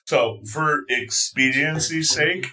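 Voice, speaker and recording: Bright-voiced man running a tabletop game. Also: a little high, extremely slow. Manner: relaxed, chuckling, prompts for dice rolls. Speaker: dungeon master.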